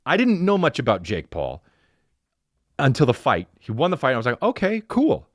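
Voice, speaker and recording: A man's voice: medium pitch, wildly swooping pitch, moderate pace, no echo, studio quality. A man hosting a podcast, ranting casually in a profane, rambling way, full of restarts as he tells a story. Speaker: podcast host. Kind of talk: casual comedic rant. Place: podcast studio.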